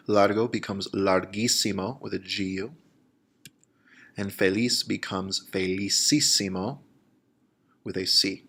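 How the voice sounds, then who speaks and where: A man explaining grammar in a recorded lesson, slowing down to spell out examples. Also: lowish voice. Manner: steady explanatory pace, slows to spell out examples. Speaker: Spanish teacher.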